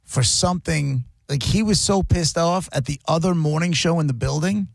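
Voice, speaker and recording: A man's voice: fairly high pitch, normal speed, gravelly, dry recording, clean studio sound. A radio host chatting casually on air, acting out other people's lines as he tells stories. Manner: animated storyteller, acts out quotes. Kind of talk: casual radio show banter.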